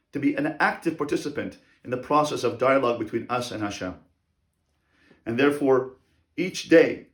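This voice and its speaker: A man teaching as a rabbi in a religious lecture on parenting, speaking deliberately and repeating key phrases for emphasis. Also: mid-range voice, echoey room.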